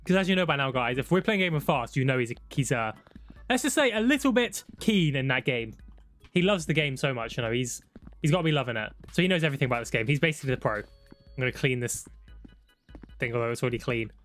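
A young man giving excitable, laddish commentary on a road trip game with friends. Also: mid-range voice, fast, faint music behind. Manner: excitable, shouts when startled, laddish banter. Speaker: gaming YouTuber. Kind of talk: casual gameplay commentary.

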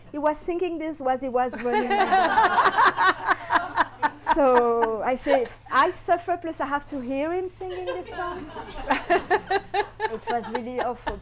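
French-accented woman, middle-aged, high voice, tells stories to a crowd and acts out the voices, laughs a lot. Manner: lively storytelling, acting out dialogue, laughs often. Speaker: guest speaker. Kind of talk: anecdotal talk to an audience.

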